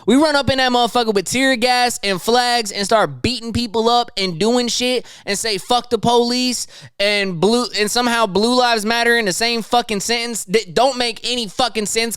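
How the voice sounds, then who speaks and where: A man's voice: sits high, fairly bright tone, clear, resonant tone, dry recording, studio quality. A young man hosting a podcast, ranting about the news in heated, slangy, profane casual talk. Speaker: podcast host. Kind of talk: casual news commentary rant.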